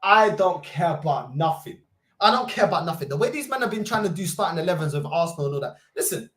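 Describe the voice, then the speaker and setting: A young man, hosting a football fan livestream with loud, mocking banter and rapid-fire rhetorical questions. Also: sits high. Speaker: host. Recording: roomy echo.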